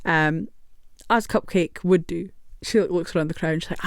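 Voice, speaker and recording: A woman tells a story straight to camera, chatty and rambling, with plenty of swearing. Her voice sits on the lower side. The sound is close and dry, with no room around it. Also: expressive, moderate pace, long pauses, no echo. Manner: chatty and rambling, swears freely, laughs often. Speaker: vlogger telling a story. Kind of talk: casual storytime monologue.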